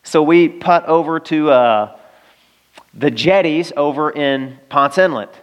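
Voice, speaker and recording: A man from Arkansas delivers a sermon in a chatty, animated storytelling style. His voice sits a little high. He often turns and speaks straight to his listeners. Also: slow, smooth, lo-fi sound. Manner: animated storytelling, conversational, addresses listeners directly. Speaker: pastor.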